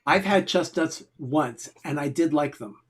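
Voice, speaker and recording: Male co-host, fairly high voice, easygoing, matter-of-fact chat. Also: measured pace, a bit bright, breathy edge. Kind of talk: casual watch-party commentary.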